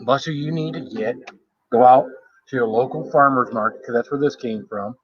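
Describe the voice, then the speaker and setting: A man's voice: mid-range voice, a little fast, husky, no echo, dull audio. A man chatting casually on a live stream while eating, rambling and greeting viewers by name. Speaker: food challenge livestreamer.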